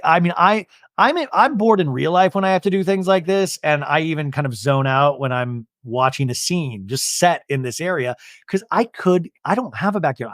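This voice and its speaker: A man hosting a comedic podcast and recapping a reality show, animated and swearing, acting out the cast's lines. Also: on the high side, no room sound, studio quality. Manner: animated, swears, acts out quotes. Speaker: podcast host.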